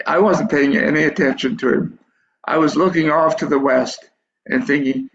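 A man's voice: a little high, fairly even intonation, moderate pace, creaky, a bit bright. An older man telling a dream story in a sermon, rambling and restarting his phrases. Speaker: preacher telling a dream testimony. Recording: dull echoey hall recording.

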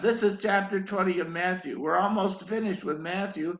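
An older man preaching a sermon, telling his own story in a slow, drawn-out, emphatic way. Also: sits high, fairly even intonation. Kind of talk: sermon with personal testimony. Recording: echoey, dull lo-fi recording.

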